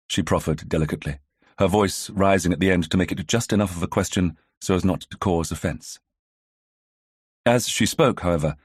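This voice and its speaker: A man narrating an audiobook in a measured, even storytelling manner. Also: low-pitched, husky, no echo, clean studio sound. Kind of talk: scripted narration.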